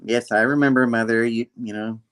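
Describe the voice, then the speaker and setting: A man's voice: mid-range voice, fairly even intonation, fairly quick, fairly bright tone, clean tone, lightly acted. A man voicing a defensive, sarcastic woman scientist in a cyborg suit with a curt delivery.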